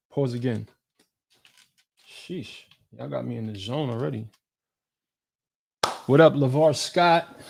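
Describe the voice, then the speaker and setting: Gravelly man hosting a slangy livestream. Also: medium pitch. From New York. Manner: loose, slangy, greets viewers by name. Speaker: fitness creator hosting a live Q&A. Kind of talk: casual livestream chat.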